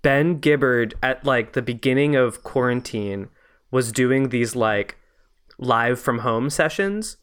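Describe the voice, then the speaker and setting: A man's voice: mid-range voice, slow pace, fairly bright tone, smooth. A man from Canada with a Canadian accent, co-hosting a podcast in a rambling casual chat full of fillers and restarts. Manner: rambling, many fillers and restarts, easily amused. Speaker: podcast co-host.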